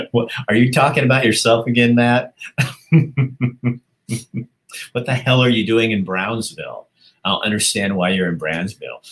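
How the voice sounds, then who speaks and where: Brief: male livestream host, deep voice, chatty and rambling, reads comments out loud. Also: a little slow, pauses often, poor audio. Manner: chatty, rambling, laughs often. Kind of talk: casual chat reading viewer comments aloud.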